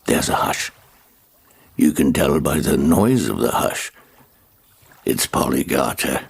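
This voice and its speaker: An older man narrating a radio drama in a lilting, playful and richly expressive way. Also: a bass voice, takes it slowly, creaky, pauses often, husky.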